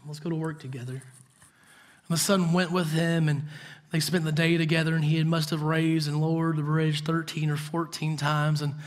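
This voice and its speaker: Pastor, male, slightly higher voice, earnest sermon storyteller who sinks to hushed intensity. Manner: earnest storytelling, drops to soft intense tones. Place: church.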